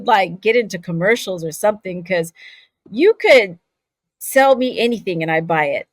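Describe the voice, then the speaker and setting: A woman's voice: mid-range voice, normal speed, no echo. A woman voice actor who grew up between California, Saudi Arabia and Scotland, telling stories expressively in a casual interview. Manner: expressive storyteller, laughs often. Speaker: voice actor guest.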